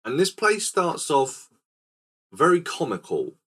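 A man hosting a casual film podcast, retelling scenes in a rambling, animated way. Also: on the high side, slow pace, breathy edge. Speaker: podcast host.

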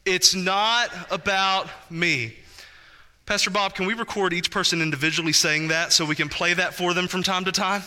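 A man, a pastor preaching a sermon in an animated, conversational way, with asides to his congregation. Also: high-pitched, fast talker, few pauses.

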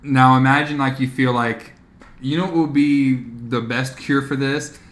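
A young man co-hosting a podcast, telling stories in a profane, animated way in casual chat. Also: mid-range voice, unhurried. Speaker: podcast co-host.

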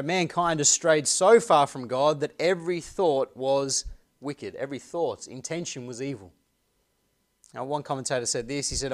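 Earnest male pastor preaching a sermon. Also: mid-range voice. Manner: earnest preaching, asks the congregation rhetorical questions; reads scripture aloud slowly and deliberately.

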